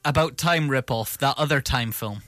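A man's voice: medium pitch, moderate pace, fairly bright tone, dry recording. A British man co-hosting a podcast, chatting casually about film news and often restarting his sentences. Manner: rambling, restarts with repeated words. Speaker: podcast co-host.

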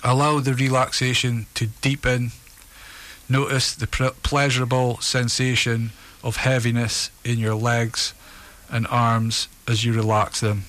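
A man in a middle register guides listeners through a relaxation session. His pace is unhurried and his instructions come calm and steady, one step at a time. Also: medium pitch.

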